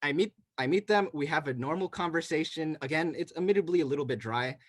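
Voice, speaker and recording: A man's voice: on the high side, fast, no room sound. Chatty young man telling a story. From New York City. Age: young adult. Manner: rambling, lots of restarts and "right?" tags. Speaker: college student telling a story. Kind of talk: casual storytelling chat.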